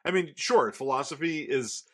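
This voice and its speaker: A man's voice: a little high, animated, normal speed, fairly bright tone, husky. A man in his thirties co-hosting a podcast, telling stories about his son in a rambling casual way with many restarts. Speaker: podcast co-host. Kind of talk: casual chat.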